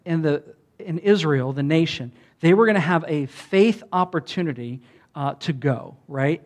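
Man, pastor, sermon, folksy, talks with his crowd, high voice. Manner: conversational, folksy, asks the crowd rhetorical questions.

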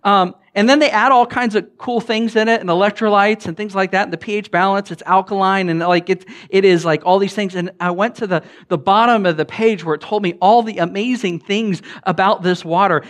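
A man with a Southern US accent, a pastor giving a chatty, humorous sermon full of stories, with loud bursts and quiet asides. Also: brisk, few pauses. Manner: animated, joking, swings between loud bursts and low asides; frequent fillers and restarts, chatty. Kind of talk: conversational sermon with humorous storytelling.

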